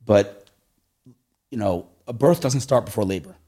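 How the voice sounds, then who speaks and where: A middle-aged man telling stories in a casual conversation, animated and acting out voices, often checking in with "right?". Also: lowish voice, a little slow.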